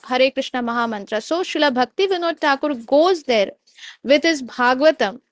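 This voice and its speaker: High-voiced woman telling a devotional story. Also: normal speed, no echo. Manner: animated, digressive, searches for words.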